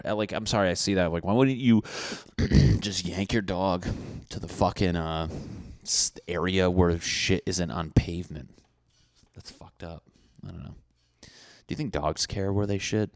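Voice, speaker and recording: Young guy ranting on his podcast, deep voice, dry close mic, swears a lot, does loud neighbor voices. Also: moderate pace, dry recording. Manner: profane, riffing, acts out neighbors in loud mock voices. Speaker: podcast host. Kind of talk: solo comedic podcast rant.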